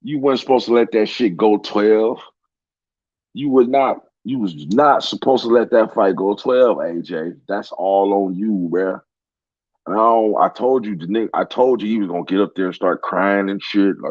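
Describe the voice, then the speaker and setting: A man's voice: on the low side, normal speed, no room sound. A man commenting on sports in a heated, profane casual rant. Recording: dull lo-fi sound.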